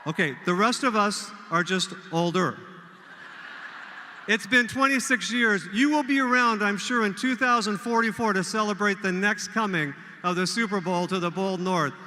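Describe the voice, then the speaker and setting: A man's voice: high-pitched, normal speed. An older man, hosting a volunteer event and leading a crowd in cheers. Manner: energetic, leads call-and-response cheers. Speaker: event emcee. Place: large hall with a crowd. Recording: echoey hall.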